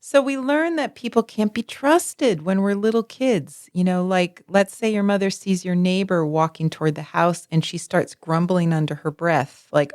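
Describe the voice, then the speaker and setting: A woman co-hosting a podcast, chatting casually and telling stories with expressive acted quotes. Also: fairly low pitch, normal speed, few pauses, no echo, clean studio sound. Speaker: podcast co-host. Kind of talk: casual conversational podcast chat.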